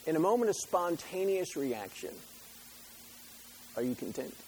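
A man's voice: a little high, sing-song, a little slow, darkish tone, a little hiss or hum, rough recording. A middle-aged man preaching a sermon in a conversational, joking way, full of rhetorical questions. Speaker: pastor.

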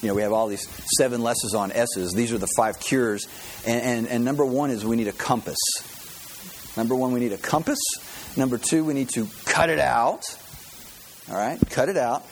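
A man's voice: mid-range voice, normal speed, slight background noise. A man giving a conversational sermon to a congregation, acting out the voices of the people he quotes. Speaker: pastor.

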